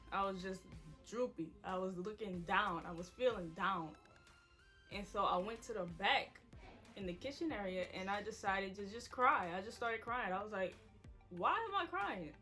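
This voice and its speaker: A woman's voice: medium pitch, bright, forceful tone. Candid young woman telling her story. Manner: candid, chatty, addresses viewers directly. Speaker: vlogger. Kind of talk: emotional story time to viewers.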